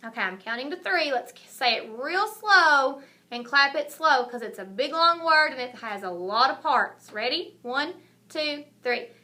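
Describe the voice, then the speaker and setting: A kindergarten teacher talks to young children in a recorded video lesson. She speaks slowly and clearly, in a high, bright voice that keeps the talk encouraging. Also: animated, a little hiss or hum.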